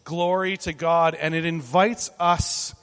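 A man's voice: a little high, steady tone, takes it slowly, a bit bright, long reverb tail. A man leading children through an interactive object lesson, talking in an upbeat, conversational way and calling for group responses. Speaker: children's ministry leader.

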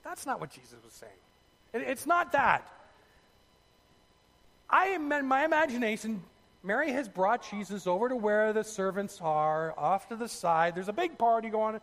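A man preaching a sermon, telling the story in a lively way with asides to his listeners. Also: sits high, moderate pace, big-room sound. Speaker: pastor.

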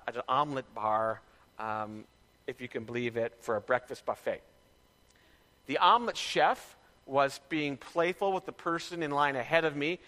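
Lively, bright-voiced pastor in an echoing hall. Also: male voice, fairly high pitch. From Canada. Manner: conversational, candid preaching with personal stories. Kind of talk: sermon.

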